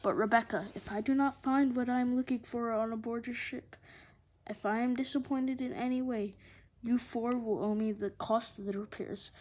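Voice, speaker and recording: A woman voicing a hushed, menacing crook. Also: fairly high pitch, fairly even intonation, moderate pace, close to an everyday voice. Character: shady middle-aged male boat dealer, menacing.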